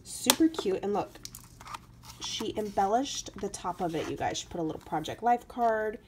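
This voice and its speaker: A woman doing a casual craft unboxing vlog, chatty and gushing, her voice going hoarse. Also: mid-range voice, lively intonation, moderate pace, slight background noise. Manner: gushing, chatty, lots of "so cute" and "you guys". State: voice getting hoarse. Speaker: craft vlogger opening mail.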